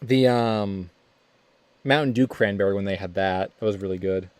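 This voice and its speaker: A young man hosting a casual livestream while drawing, talking in halting, rambling bursts with quick laughs. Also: on the low side, smooth. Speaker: streamer host.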